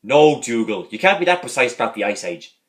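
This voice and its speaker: A man's voice: mid-range voice, big pitch swings, fairly quick, natural voice. A man voicing an exasperated middle-aged male priest who talks in a patient, weary way.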